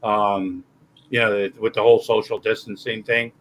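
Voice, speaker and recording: A man's voice: lowish voice, little pitch movement, normal speed, a little hiss or hum, poor audio. An older man on a livestream chat, rambling and cursing with many restarts. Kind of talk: casual chat.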